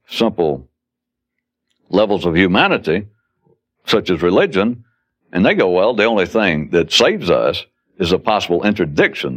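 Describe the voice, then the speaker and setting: Low-voiced man, wry lecture, lo-fi. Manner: wry and conversational, acting out quoted outbursts. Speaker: speaker giving a talk. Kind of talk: spoken philosophical lecture. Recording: dull lo-fi recording.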